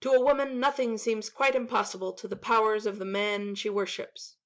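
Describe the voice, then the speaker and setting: A woman narrating a classic story in a measured, expressive dramatic reading. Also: medium pitch. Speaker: audiobook narrator.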